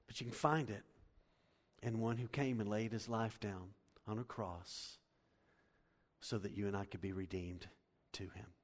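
A pastor with a low voice preaches a sermon in a reverberant hall, speaking a little slowly with long pauses. His storytelling is animated, swinging between loud and hushed.

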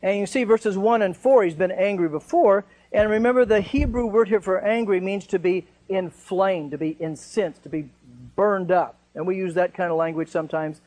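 Bible study teacher, man, higher voice, chatty, asks questions of the group. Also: poor audio. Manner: conversational, asks rhetorical questions.

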